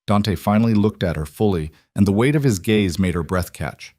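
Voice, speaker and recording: A man narrating a dark romance story in a measured, dramatic reading. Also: on the low side, animated, no room sound, clean studio sound.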